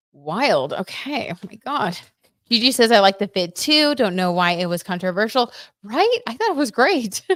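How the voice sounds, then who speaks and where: A young woman casually chatting on a livestream, reading out viewer comments and reacting excitedly while doing tarot. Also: medium pitch, no echo, studio quality.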